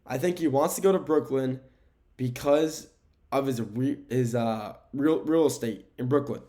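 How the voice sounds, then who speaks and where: A man's voice: medium pitch, unhurried, mellow. Casual rambling man on a sports podcast. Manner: casual, rambling, with self-corrections and fillers. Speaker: podcast host. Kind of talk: solo sports podcast talk. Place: indoor room with window blinds.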